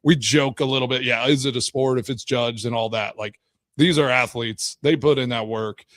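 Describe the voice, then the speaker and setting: A man's voice: medium pitch, steady tone, normal speed, a bit bright. A man hosting a sports talk radio show, rambling along with lots of "like" and "you know" as he chats. His voice sits in a middle register, and the studio sound is close and dry with no room echo. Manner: rambling, chatty, many fillers and restarts. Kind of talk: casual sports radio chat. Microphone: studio microphone.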